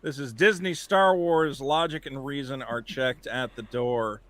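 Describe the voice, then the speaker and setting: A man hosting a casual podcast, joking and animated, with loud bursts when he mimics people. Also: medium pitch, unhurried, no echo. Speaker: podcast host. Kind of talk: casual chat.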